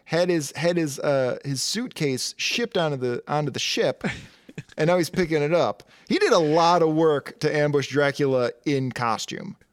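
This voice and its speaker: Man, podcast co-host, casual chat, jokey, swears, higher voice, dry sound. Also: normal speed, smooth, no room sound. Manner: joking, swears freely, laughs often. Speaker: podcast co-host recapping a story.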